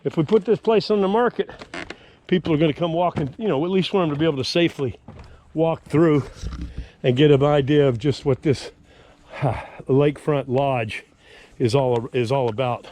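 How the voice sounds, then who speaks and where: A man's voice: a little high, moderate pace, dark tone, a little hiss or hum. Older man rambling on a yard tour. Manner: rambling, grumbling and folksy. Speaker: homeowner giving a yard tour. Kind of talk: casual self-filmed vlog. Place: outdoors in a lakeside yard. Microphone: handheld action camera.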